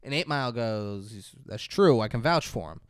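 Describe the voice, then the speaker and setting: Podcast co-host, male, lively pitch, dry close sound, profane storyteller who acts out scenes. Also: moderate pace, clear, resonant tone, no echo. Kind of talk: casual movie review chat.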